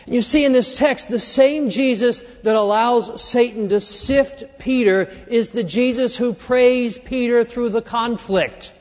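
A man preaching a sermon, earnestly walking through a scripture passage and dropping quieter when he quotes it. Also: very high-pitched, measured pace, few pauses. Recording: dull reverberant hall sound.

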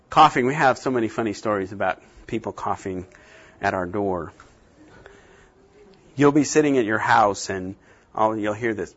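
A man giving a classroom lecture on translation, animated, often acting out little scenes with sudden jumps in pitch. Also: breathy edge, lo-fi sound. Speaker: teacher.

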